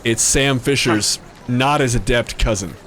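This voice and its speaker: A man's voice: mid-range voice, unhurried, fairly bright tone, a little hiss or hum. A young man streaming a game, chatting casually with joking, rambling asides and some swearing. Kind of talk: casual gameplay commentary.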